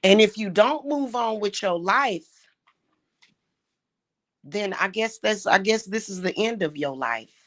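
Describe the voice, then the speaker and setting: A woman's voice: medium pitch, animated, measured pace, long pauses. A woman delivering an angry, profane, confrontational monologue to the camera, mocking and scolding someone. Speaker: vlogger.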